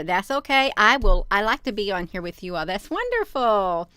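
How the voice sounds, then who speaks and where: A woman's voice: medium pitch, big pitch swings, normal speed, few pauses, bright, forceful tone, clear, resonant tone, no room sound, studio quality. A woman hosting a casual livestream, chatting and rambling to her viewers. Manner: chatty, rambling, addresses viewers as "you all". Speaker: livestream host.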